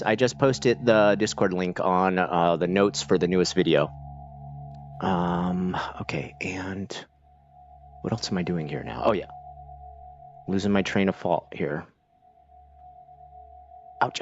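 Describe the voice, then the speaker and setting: A low-voiced man chats loosely while streaming a game, full of fillers and restarts as his thoughts wander. The audio is dull and lo-fi. Faint music plays underneath. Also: moderate pace. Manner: rambling, many fillers and restarts. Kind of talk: casual live-stream chat while playing.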